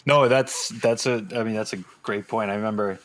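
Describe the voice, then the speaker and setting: A man's voice: on the low side, fairly even intonation, a little fast, fairly bright tone, dry recording. A man hosting a podcast in casual interview chat, easygoing and affirming, with lots of fillers. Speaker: podcast host.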